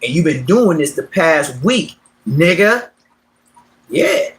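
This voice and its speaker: A man casually telling stories on a livestream, slangy and streetwise, swinging between loud bursts and mumbled asides. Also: fairly high pitch, sing-song, takes it slowly, poor audio. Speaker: livestream host.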